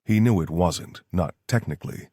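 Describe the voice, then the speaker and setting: Deep low guy reading a military thriller audiobook, dead dry studio. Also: normal speed, mellow, no room sound. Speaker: audiobook narrator. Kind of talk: scripted audiobook narration.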